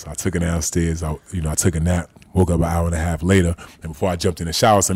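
A man telling a story as a guest in casual chat, fast and slangy, animated. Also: deep voice, no room sound.

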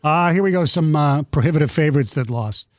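Male sports radio host, emphatic, a bit high-voiced, dry close mic. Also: fairly quick, no room sound. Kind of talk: sports talk radio, reading listener texts.

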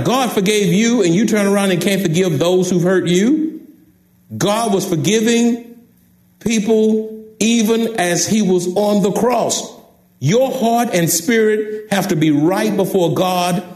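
A man's voice: high voice, a little mellow. A man in his sixties with a Texan accent, preaching an emphatic sermon from the pulpit and repeating key phrases straight to the congregation. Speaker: pastor. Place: church sanctuary. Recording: echoey church sanctuary.

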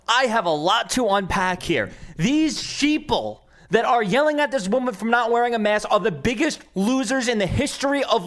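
Heated New York man, high voice. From Staten Island, New York. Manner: heated, profane and combative, with bursts of shouting. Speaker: podcast host. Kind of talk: opinionated podcast rant.

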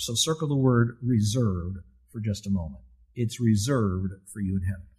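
Older pastor preaching, husky voice. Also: male voice, on the low side, moderate pace, darkish tone. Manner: emphatic, asks and answers his own questions. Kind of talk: sermon.

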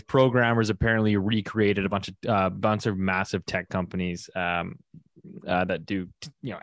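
Relaxed man hosting a podcast. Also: deep voice, no echo, clean studio sound. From Canada. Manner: loose, many fillers and restarts. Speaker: podcast host. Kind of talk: casual podcast chat and ad read.

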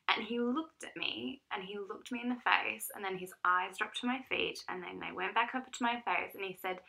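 A woman's voice: mid-range voice, fast, gravelly, rough recording. A woman in her thirties, frankly telling a personal story in casual chat as a co-host. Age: 30s. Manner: frank storytelling, lively and animated. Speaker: podcast co-host.

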